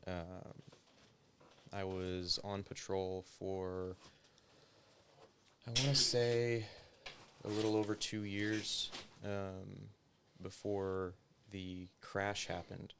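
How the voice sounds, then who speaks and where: A man's voice: sits low, flat delivery, extremely slow, vocal fry, background noise. A man, a former police officer, telling his story as an interview guest in loose, casual talk full of filler words and swearing. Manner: loose and profane, heavy use of filler words.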